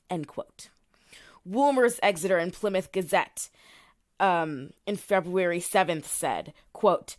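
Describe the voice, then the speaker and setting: A woman, co-hosting a podcast in casual chat, animated and full of fillers, reading quotes from her notes. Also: fairly low pitch, slow. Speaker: podcast co-host.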